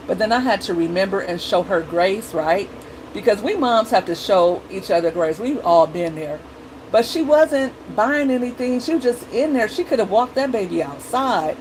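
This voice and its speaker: A woman's voice: medium pitch, normal speed, darkish tone, a little hiss or hum, rough recording. A middle-aged woman talking casually to her viewers as a mom vlogger, chatty and blunt, acting out her kids and herself.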